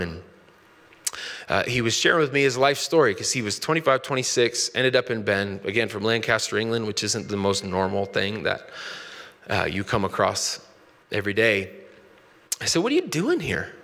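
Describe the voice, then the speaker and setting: A man's voice: mid-range voice, pushed and bright, in a large hall. A man in his thirties, a pastor, preaching a sermon in a conversational storytelling way that builds into passionate preaching.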